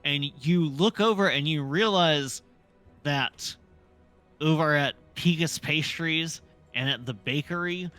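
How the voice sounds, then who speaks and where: A man narrating a tabletop role-playing game as dungeon master, setting scenes in an unhurried, descriptive way. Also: a little high, pushed and bright, faint music behind.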